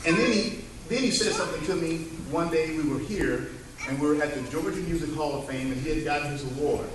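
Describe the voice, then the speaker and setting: A man's voice: a little high, fast. A man speaking at his father's funeral, telling stories with emotion and calling out to the congregation. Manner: emotional, storytelling, calls out "Amen". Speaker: son giving a eulogy. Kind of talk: heartfelt funeral speech. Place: church service. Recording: echoey room, mic from far off.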